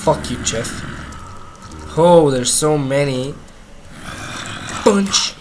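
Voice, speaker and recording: Excitable young gamer man, slow talk. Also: a little high, noisy background. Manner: excitable, swears often, reacts loudly. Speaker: gamer playing the game. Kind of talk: casual gameplay commentary.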